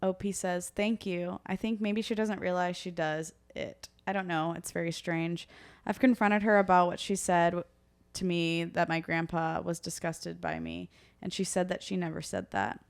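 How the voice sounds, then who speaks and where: A woman's voice: fairly low pitch, clear, resonant tone. Wry woman reading posts aloud. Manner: wry, quick to joke, reads comments aloud. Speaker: podcast co-host.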